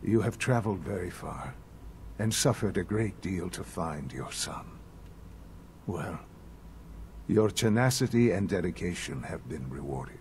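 An actor playing a calm, composed elderly man who leads a secret institute in a video game, speaking in a measured, explanatory way. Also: low voice, a little hiss or hum. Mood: solemn. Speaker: game character.

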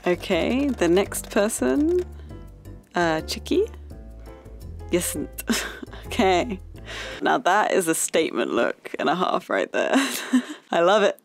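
A woman's voice: medium pitch, lively intonation, a little slow. Young woman gaming host, giggly and gushing, casual chat, faint music underneath. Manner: bubbly and gushing, with frequent giggles. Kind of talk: casual gameplay commentary.

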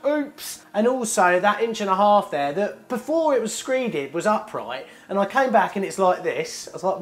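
A British plumber with a high-sitting voice talks through a hands-on job indoors by a hot water cylinder. He's chatty and jokey, explaining each step as a trade tutorial.

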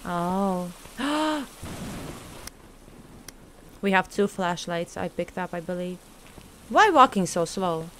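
Woman gamer, slow nervous commentary, faint rain behind. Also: lowish voice, a bit bright, a little hiss or hum. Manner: talks to the ghost, scared, laughing nervously. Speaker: streamer playing a horror game. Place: at home at her computer.

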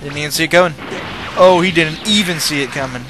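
A man giving casual, rambling gameplay commentary, excitable and swearing while he plays. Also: on the high side, fast talker. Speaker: let's play host. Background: loud game music.

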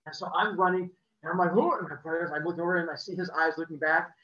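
A man casually telling a personal story, acting out the people in it with lively energy. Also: a little high, fast. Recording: roomy, distant, muffled video-call audio.

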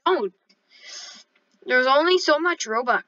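Bright high-voiced playful female gamer. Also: animated, a little slow, dry recording, highs cut off. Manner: playful, joking, self-promoting. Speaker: gaming channel host. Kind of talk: casual gameplay chat.

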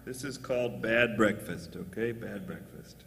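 A man doing a live stand-up comedy set on stage, jokey, often jumping into squeaky put-on voices. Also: measured pace, creaky, fairly bright tone, long reverb tail, slight background noise.

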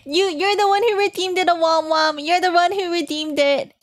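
A woman putting on a squeaky uwu baby voice. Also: fairly even intonation, moderate pace. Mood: cutesy. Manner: giggly, stumbling over words. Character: cutesy high-pitched uwu baby-talk girl. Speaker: streamer. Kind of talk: live stream chat in a put-on voice.

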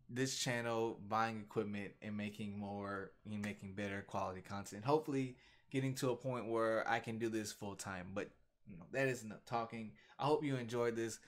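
A man casually reacting to a webcomic, reading panels aloud with slangy, animated commentary from a home desk mic. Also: mid-range voice. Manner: animated, slangy, reads comic lines aloud. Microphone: desktop USB microphone.

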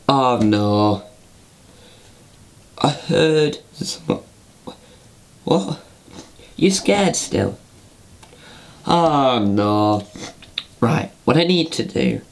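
A man voicing a slow, fretful puppet host. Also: lowish voice, vocal fry, exaggerated voice. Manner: talks to himself, frets and stumbles over names. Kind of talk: homemade puppet comedy.

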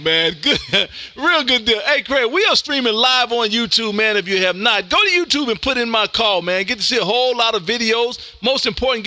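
A man from Texas with a Texan accent, working ham radio contacts on a live stream in a loud, folksy way, tossing "man" into most lines. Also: extremely high pitch, no echo.

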